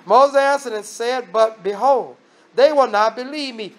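Emphatic high-voiced preacher. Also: male voice, a little slow, a little hiss or hum. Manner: emphatic, repetitive, reads scripture aloud with asides. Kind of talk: sermon.

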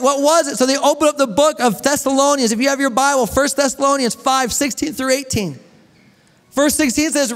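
High-voiced pastor preaching in a reverberant church. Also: male voice. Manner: storytelling, asks the congregation questions, jokes and laughs. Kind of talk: sermon. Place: church hall with long reverb. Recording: echoey church hall.

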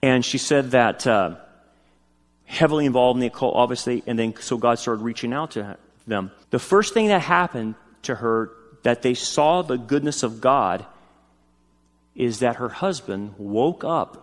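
A male pastor preaching a sermon in a lively, emphatic way, dropping casual asides and rising to loud peaks. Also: mid-range voice, long reverb tail. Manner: casual spoken asides like "man".

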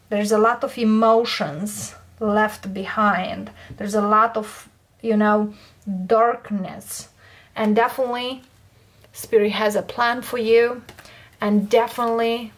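Slow, high-voiced woman reading tarot. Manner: unhurried, checks in with "okay?" and repeats "I feel here". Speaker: tarot reader.

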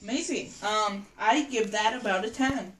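A woman's voice: medium pitch, normal speed, fairly bright tone. A woman hosting a casual video, chatty and giggly as she hands out challenges and scores them. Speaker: host. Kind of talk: casual chat. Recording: roomy, distant mic, background noise.

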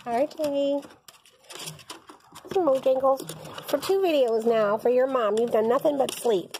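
A woman filming her foster kittens, talking to them in soft, doting, sing-song baby talk. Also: high-pitched, a little slow, long pauses, slight background noise. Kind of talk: cooing baby talk to pets.

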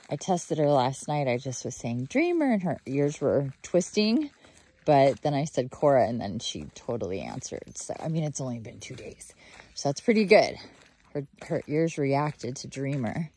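A woman's voice: very deep voice, sing-song, moderate pace, warm tone, husky, no echo. A woman vlogging outdoors while walking her dog, chatting in a rambling way with fillers and slipping into sing-song baby talk for the dog. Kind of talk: casual video diary chat.

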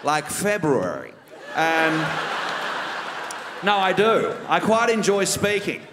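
On a stage microphone in a reverberant theater, a man with an Australian accent performs live as a smug, wealthy politician, pompous and self-satisfied, drawling out his vowels and over-enunciating each word. His voice sits high and slow, with a noisy background.

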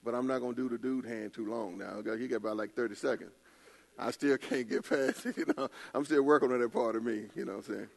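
A man's voice: mid-range voice, quick pace, creaky. An older man preaching a casual sermon, telling stories in a loose colloquial way with laughing asides. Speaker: pastor. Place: church.

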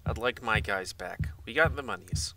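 A man's voice: fairly low pitch, moderate pace, noisy background. A man giving rambling, casual let's-play commentary, muttering asides to himself and swearing now and then. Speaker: gaming channel host. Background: game music.

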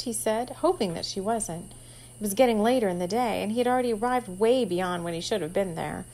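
A woman calmly reading her own novel aloud in a steady storytelling voice. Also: medium pitch, brisk, rough recording. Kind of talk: storybook narration.

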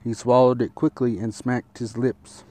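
A man reads a fable aloud at a very slow, deliberate pace. His voice sits in an ordinary mid range, and he keeps a steady storytelling rhythm with an occasional small restart. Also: medium pitch.

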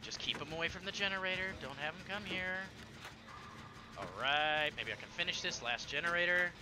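A man streaming a horror game, chatting casually and rambling with many fillers and sudden excited bursts. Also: a little high, a little fast, noisy background. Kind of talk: casual gameplay chat.

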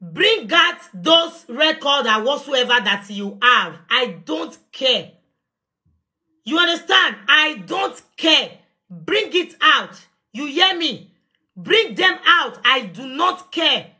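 Nigerian woman, young adult, heated live rant, high and bright, confrontational, phone mic. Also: sing-song, takes it slowly. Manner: confrontational, defiant, shouting at times. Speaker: live-stream host.

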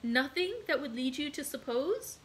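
A woman voicing an eager young woman, high and pleading, lively rising voice, read-aloud storybook. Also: moderate pace, slight background noise. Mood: tearful pressing. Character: young woman, grateful and tearful.

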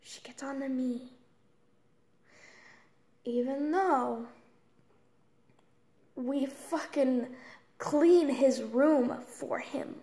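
A young woman in her late teens venting in an angry, profane rant, swinging between loud outbursts and hushed whispers. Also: high voice, drawn-out words, pauses often. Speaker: vlogger. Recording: roomy echo with faint background noise.

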